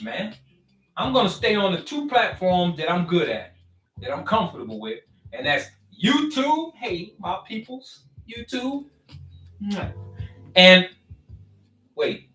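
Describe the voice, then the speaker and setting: A vlogger talks to his online followers in a high, unhurried voice, pausing often. His casual motivational talk is preachy and animated, with call-and-response asides, and the recording sounds roomy and distant with faint music behind.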